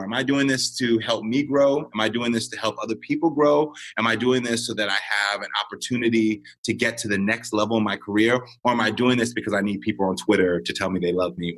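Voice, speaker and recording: A man in his late thirties speaks in a low, grounded voice, earnest and reflective. He talks through his experiences as a podcast guest and lifts into animation when he tells a story. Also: fairly even intonation, a little fast, fairly bright tone. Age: 30s. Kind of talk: podcast conversation.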